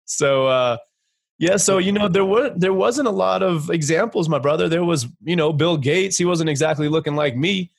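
Animated man telling his story. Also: on the high side, moderate pace, gravelly, husky, no room sound, clean studio sound. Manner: animated, laughing, many fillers. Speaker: guest entrepreneur. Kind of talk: casual interview storytelling.

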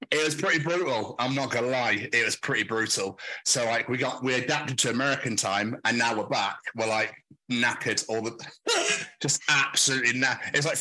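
A man's voice: medium pitch, bright, forceful tone, low-quality recording. A young British man co-hosting a podcast, chatting loosely, laughing often and swearing freely. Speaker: podcast co-host. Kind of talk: casual chat.

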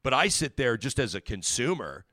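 A man hosting a talk show, commenting on news in a casual, animated and indignant way with many restarts. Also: medium pitch, normal speed, no room sound, clean studio sound.

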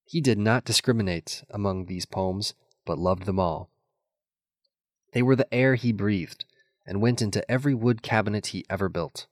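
Older man reading memoir, low voice, measured and wry, dry close sound. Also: dry recording. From Minnesota, USA. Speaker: reader of a personal essay. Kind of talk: reading a memoir essay aloud.

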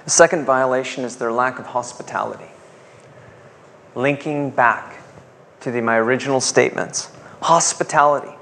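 A man's voice: a little high, fairly bright tone. A male pastor preaching a sermon, asking rhetorical questions and calling on the congregation to respond.

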